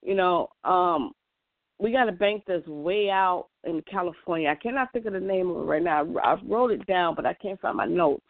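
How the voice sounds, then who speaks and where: A woman's voice: on the low side, moderate pace, dry recording. A woman in a casual monologue, earnest and emphatic, often restarting her sentences. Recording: tinny, dry phone-like sound.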